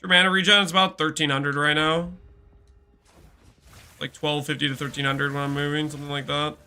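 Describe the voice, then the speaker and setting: Male game streamer, fairly high and very bright tone, chatty live commentary, answers chat as he plays. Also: flat delivery, a little fast, smooth, faint music behind. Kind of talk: casual live-stream commentary while gaming.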